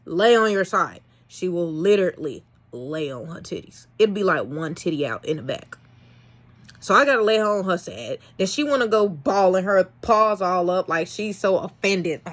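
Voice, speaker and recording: A young woman breeder telling a casual vlog story in an animated, exasperated way, swinging between loud and soft. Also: fairly low pitch, moderate pace. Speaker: dog breeder.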